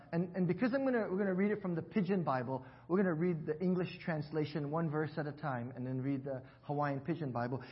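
A man's voice: on the high side, muffled recording. A man pastor preaching a sermon in church, leading the congregation to repeat words after him. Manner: warm teaching, invites congregation to repeat words. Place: church sanctuary.

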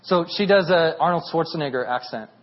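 A man in his thirties preaches with a high, lively voice that climbs toward near shouting when he drives a point home. The recording has a dull, lo-fi sound. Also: a little fast. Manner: animated, rising to near shouting at peaks. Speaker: pastor. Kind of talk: sermon.

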